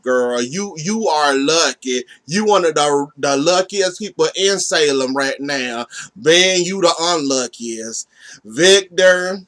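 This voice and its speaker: A man's voice: fairly high pitch, bright, forceful tone. A man recapping a soap opera episode in a casual, sassy way, speaking straight to the characters and teasing them.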